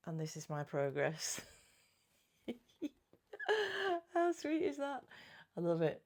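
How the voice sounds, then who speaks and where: A woman's voice: on the low side, mellow. Chatty middle-aged woman vlogging. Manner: chatty, giggly, self-correcting. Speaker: cross-stitch vlogger. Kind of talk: casual chat.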